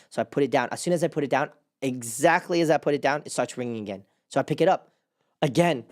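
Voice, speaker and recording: A young man hosting a casual chat, telling a personal story in a rambling way, with lots of "like" and sudden jumps up in pitch as he relives his panic. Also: fast. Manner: rambling with many restarts and "like". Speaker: host.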